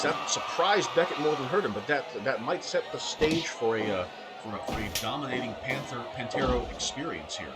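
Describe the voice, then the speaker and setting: A man calling wrestling matches play-by-play, breathless and scratchy-throated, with excited shouts and frequent restarts. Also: mid-range voice, a little fast, loud music behind the voice. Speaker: wrestling commentator. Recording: loud background noise.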